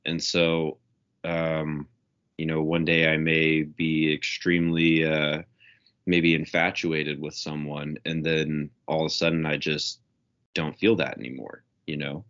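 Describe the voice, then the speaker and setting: A man talking as a guest in a casual spiritual conversation, relaxed, with lots of "you know" and "um". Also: extremely low pitch, unhurried. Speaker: podcast guest. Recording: dull lo-fi sound.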